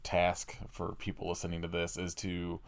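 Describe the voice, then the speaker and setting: A man co-hosting a podcast, his voice sitting low, tosses off dry, teasing comments in a relaxed back-and-forth. His delivery is easygoing and conversational. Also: moderate pace, vocal fry, no echo. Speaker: podcast co-host. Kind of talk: casual chat.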